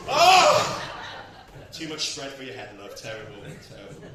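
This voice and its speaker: Recorded from a distance in an echoey, crowded comedy club, a man does a bawdy stand-up routine that pokes fun at himself, chuckling at his own jokes over audience laughter. He has a fairly high pitch with big swings and talks a little fast. The recording is very noisy.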